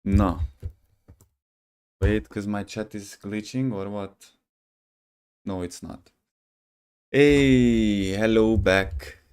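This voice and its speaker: Rambling young man streaming, slightly low voice. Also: fairly even intonation, very slow, long pauses, darkish tone, smooth. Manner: rambling, jokey, says "bro" a lot, bursts of laughter. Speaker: gaming streamer. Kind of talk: casual live-stream chat.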